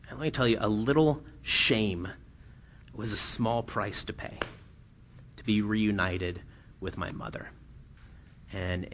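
A man preaching a sermon to his church. He keeps asking "right?", repeats his key phrases, and moves between quiet, low passages and loud, pressing ones. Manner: swings from soft and low to loud and emphatic. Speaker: pastor. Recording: dull lo-fi sound.

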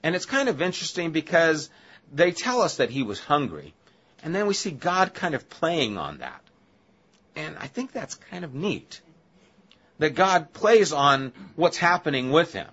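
A man's voice: on the high side, big pitch swings, unhurried, fairly bright tone, husky, muffled recording. A male pastor giving a conversational Bible-study sermon, casual and chatty, with asides to the listeners.

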